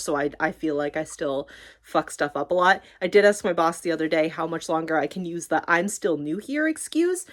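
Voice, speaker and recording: Chatty young woman, swearing and rambling. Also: lowish voice. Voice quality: swearing, rambling, animated retelling. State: tearful. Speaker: streamer talking about her library job. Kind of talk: casual chat.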